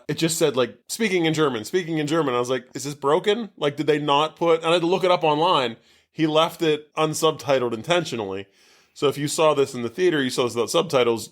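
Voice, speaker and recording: A man co-hosting a casual podcast, recapping a movie in a loose, rambling way full of fillers. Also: mid-range voice. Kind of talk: casual chat. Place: basement.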